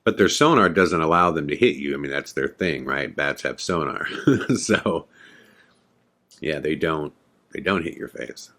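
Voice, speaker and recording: A man's voice: rumbling low, animated, unhurried, bright, forceful tone. A man hosting a podcast, telling a story in a casual, rambling way with many fillers. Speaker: podcast host.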